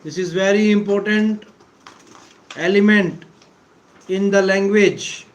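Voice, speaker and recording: A man giving a deliberate English pronunciation lesson, repeating key words for emphasis and clearing his throat often. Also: high-pitched, steady tone, rough recording. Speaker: English teacher. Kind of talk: slow explanatory lecture.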